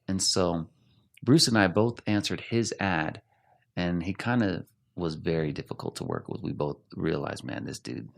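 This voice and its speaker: A middle-aged rock singer from Arizona tells animated stories in a casual interview, laughing often. His voice is low-pitched and gravelly.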